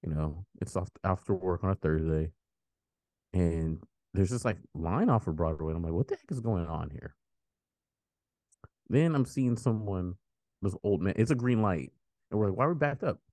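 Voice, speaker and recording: A man's voice: deep voice, animated, moderate pace, long pauses, mellow, no echo. A man hosting a podcast, telling a story in casual chat, rambling with restarts and swearing. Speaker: podcast host.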